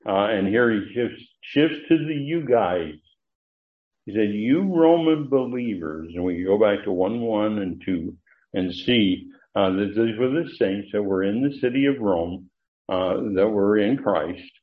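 A man teaching a verse-by-verse Greek Bible lesson, deliberate, with frequent fillers and emphatic rises. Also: on the low side, animated. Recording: dull lo-fi recording.

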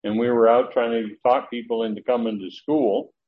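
A man's voice: mid-range voice, steady tone, normal speed, vocal fry, a little hiss or hum. A man teaching scripture in a conversational, meandering manner with frequent fillers. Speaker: Bible teacher. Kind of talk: sermon. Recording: dull lo-fi recording with faint ambience.

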